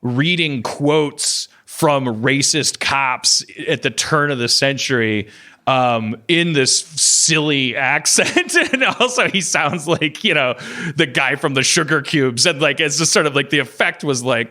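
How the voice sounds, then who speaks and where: A man chatting on a comedy podcast, rambling and halting, with lots of restarts and fillers. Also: on the high side, bright, forceful tone. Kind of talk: casual comedy podcast chat.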